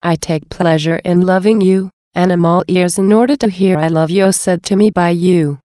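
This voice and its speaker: A woman voicing Jesus as a gentle, loving divine speaker, in a slow, measured devotional reading. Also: on the low side, no room sound, clean studio sound, close to an everyday voice.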